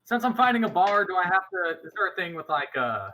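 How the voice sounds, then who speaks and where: A man's voice: sits high, big pitch swings, fairly quick, pushed and bright. A man playing a tabletop game, eagerly describing his character's attacks and asking about the rules, with some uhs. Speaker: player.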